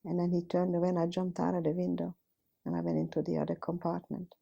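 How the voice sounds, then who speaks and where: This Holocaust survivor, a Hungarian woman in her fifties, tells her life story directly and simply, repeating "I says" often. She talks quickly in a fairly low, creaky, mellow, husky voice with little pitch movement, and the recording has its highs cut off.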